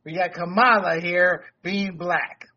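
A man's voice: high-pitched, fairly even intonation, slow pace, sharp tone, muffled recording. A man hosting a casual talk show, rambling off topic and laughing often. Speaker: podcast host. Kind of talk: casual chat.

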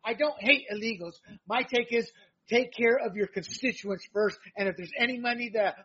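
High-voiced, husky male podcast host. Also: moderate pace, dull audio. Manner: energetic, playful sign-off patter. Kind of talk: political podcast chat. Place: home room with figurines behind.

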